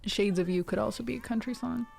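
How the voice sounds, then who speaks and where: A woman's voice: a little high, fast talker, vocal fry, a little mellow. A woman from the Ohio River Valley hosting a music livestream, chatting casually and rambling with restarts and fillers. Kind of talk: casual chat with stream viewers.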